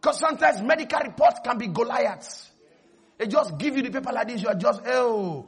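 A pastor preaching a lively sermon, acting out little dialogues and shouting to the congregation. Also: male voice, very high-pitched, a little fast, husky. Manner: animated, acts out dialogues, shouts and laughs.

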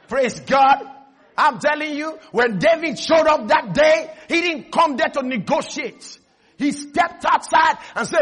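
A man's voice: very high-pitched, animated, slow pace, long pauses, a bit bright, slightly rough. A man preaching a sermon, emphatic and calling out to the congregation for responses. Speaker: pastor.

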